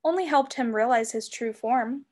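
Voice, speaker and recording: A woman's voice: a little high, moderate pace, darkish tone, close to an everyday voice. A woman voicing a vain, scheming sorceress with a honeyed, theatrical manner while reading a storybook aloud. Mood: grand, scheming.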